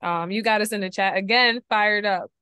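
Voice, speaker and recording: A woman's voice: mid-range voice, normal speed, pushed and bright, clean tone, no echo. A woman host asking interview questions casually, hesitant with many fillers.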